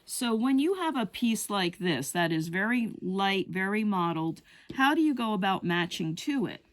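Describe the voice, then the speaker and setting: A woman's voice: medium pitch, sing-song, moderate pace. A woman teaching a rug hooking lesson, chatting her way through wool colors as she shows them.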